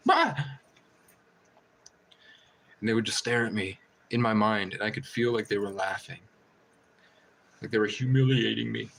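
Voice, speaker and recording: A man's voice: lowish voice, fairly even intonation, a little fast, vocal fry, fairly bright tone, a little hiss or hum, poor audio. A man chatting casually on a live stream, rambling and swearing, and laughing often between stories.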